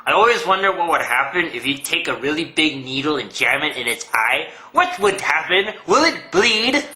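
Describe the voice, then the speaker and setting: A man's voice: fairly high pitch, big pitch swings, normal speed, sharp tone, echoey room, low-quality recording. A man delivering a comedic rant monologue, sarcastic and profane.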